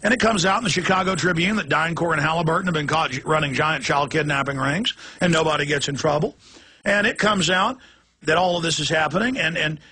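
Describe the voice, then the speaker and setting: A male talk show host delivers an impassioned, rapid-fire rant. His voice is bright, forceful and somewhat husky, pitched above average. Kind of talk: heated political talk.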